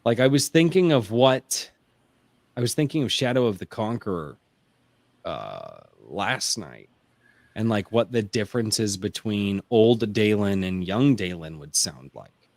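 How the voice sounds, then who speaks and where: Enthusiastic baritone man, rambling. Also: animated, unhurried, darkish tone, no room sound. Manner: enthusiastic, rambling, many restarts. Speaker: author. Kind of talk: casual round-table chat. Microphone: home mic through a mixer, bass boosted.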